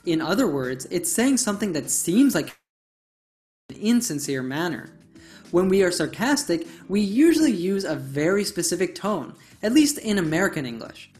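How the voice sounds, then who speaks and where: A woman narrates a scripted English lesson, explaining each word clearly and leaning on key terms. Her voice sits fairly low but moves lively up and down. Soft music plays faintly underneath. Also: moderate pace. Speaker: English teacher.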